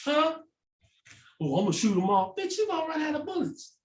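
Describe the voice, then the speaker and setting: Animated podcast host with a lively voice. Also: high voice, fairly quick, far from the mic. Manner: animated storyteller, acts out quoted voices, swears freely. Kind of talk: casual chat. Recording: roomy echo, somewhat off mic.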